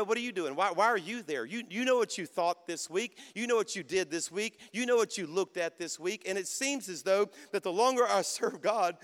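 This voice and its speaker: A man's voice: high voice, a bit bright. A man in his fifties preaching a sermon, exhorting the crowd with call-and-response. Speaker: pastor. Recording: long hall reverb.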